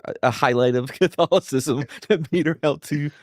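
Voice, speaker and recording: A man's voice: on the high side, moderate pace, no echo, studio quality. A man on a podcast panel, telling stories with lots of asides. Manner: lively storyteller, lots of fillers and asides. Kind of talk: casual chat.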